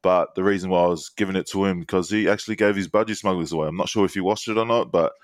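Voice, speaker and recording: Podcast co-host, man, very deep voice, casual rambling storyteller. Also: fairly even intonation, fast talker, dry recording. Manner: laid-back storytelling with frequent ums and laughs. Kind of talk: casual banter.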